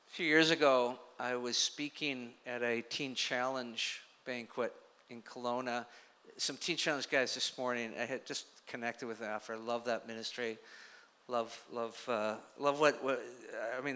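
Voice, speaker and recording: A man's voice: medium pitch, fairly even intonation, a little slow, bright, forceful tone, clear, resonant tone. A man preaching a sermon, telling a story in a conversational way, recorded in a large hall. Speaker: pastor. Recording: long hall reverb.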